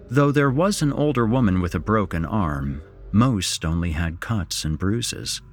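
Man, very low voice, animated pitch, horror narration, faint music underneath. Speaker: horror podcast host and narrator.

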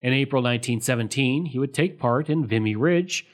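A man with a middle-pitched voice narrates a history episode from a script. His reading is steady and measured, and he marks each quoted source aloud with "quote" and "end quote". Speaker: history podcast host.

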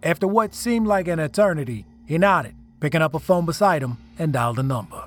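A man narrates a tense first-person tale in a somewhat high voice, reading with dramatic feeling. Soft music plays faintly beneath him. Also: expressive, brisk.

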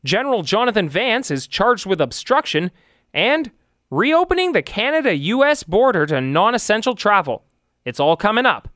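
A man's voice: high-pitched, big pitch swings, moderate pace, a bit bright, no echo, clean studio sound. A man announcing upcoming headlines in a punchy scripted promo read. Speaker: show announcer.

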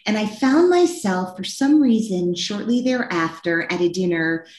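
A woman's voice: medium pitch, expressive, moderate pace, a little mellow. A woman hosting a casual interview, eagerly recounting an anecdote with quoted dialogue. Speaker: podcast host. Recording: roomy echo.

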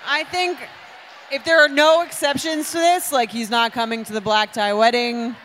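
A woman's voice: on the high side, level tone, normal speed, fairly bright tone, a little hiss or hum. A woman co-hosting a podcast live on stage, giving direct, decisive opinions. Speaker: podcast co-host. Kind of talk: comedic live podcast banter. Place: on stage in a theater.

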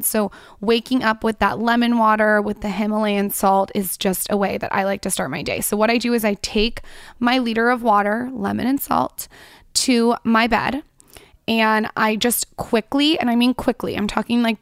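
A woman's voice: mid-range voice, no echo, clean studio sound. A young woman hosting a solo podcast, talking in a chatty, upbeat and frank way. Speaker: podcast host.

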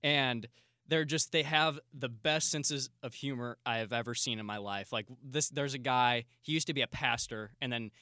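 Bright-voiced young man chatting. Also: medium pitch, moderate pace, dry recording, studio quality. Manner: rambling, laid-back storytelling. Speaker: podcast co-host. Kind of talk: casual podcast chat.

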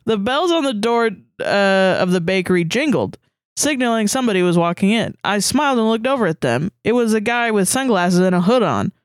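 A woman's voice: mid-range voice, animated, a little fast, no room sound. A woman co-host reads a fanfiction story aloud in a casual, playful way, breaking off for little asides. Her voice sits in a middle register, and the recording is close and dry with no room sound. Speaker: podcast co-host.

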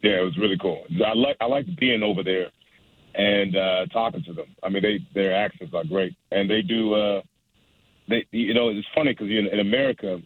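Rambling young comedian on a phone line. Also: male voice, fairly low pitch, a little fast, no echo. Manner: rambling, laughing, many restarts. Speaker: stand-up comedian guest. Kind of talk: casual phone interview.

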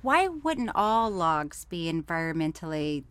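A middle-aged woman co-hosting a podcast in casual chat, teasing and quick to laugh. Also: fairly low pitch, sing-song, fairly bright tone, clear, resonant tone. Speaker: podcast co-host.

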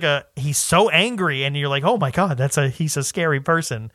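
A man co-hosting a podcast in casual chat, rambling and restarting his sentences, often breaking into animated quoted asides. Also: on the high side, quick pace, hardly any pauses, dry recording, clean studio sound. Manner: rambling, self-interrupting, animated quoting. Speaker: podcast co-host.

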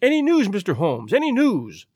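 A man voicing an excitable young government secretary who speaks in agitated, emphatic outbursts. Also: high-pitched, moderate pace, no echo. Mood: excited.

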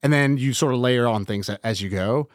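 A man guesting on a podcast, telling stories in a casual, animated way and acting out what people said. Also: mid-range voice, fairly quick, no echo, clean studio sound. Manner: animated, acts out quoted dialogue. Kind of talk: casual storytelling chat.

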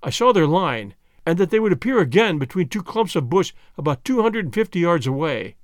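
A man reading a first-person adventure story aloud with an expressive, dramatic delivery. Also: on the high side, fairly quick, dry recording, clean studio sound. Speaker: audiobook reader.

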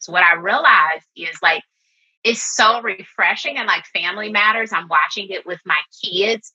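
A woman's voice: on the low side, bright, forceful tone, breathy edge, lo-fi sound. A middle-aged woman speaking as a podcast guest in an earnest, open, conversational way, with frequent "like" fillers. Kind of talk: reflective casual conversation.

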